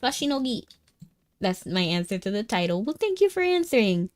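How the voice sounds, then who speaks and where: A woman's voice: medium pitch, sing-song, a little fast. A young woman chatting casually with viewers while streaming a game, bubbly and talkative. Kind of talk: casual live-stream chat. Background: faint game music.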